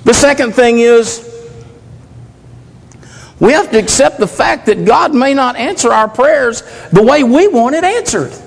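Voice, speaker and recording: A man's voice: very high voice, expressive, a little slow, vocal fry, pauses often. A man preaching a sermon in an earnest, repetitive way, asking the congregation question after question. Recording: long reverb of a large hall.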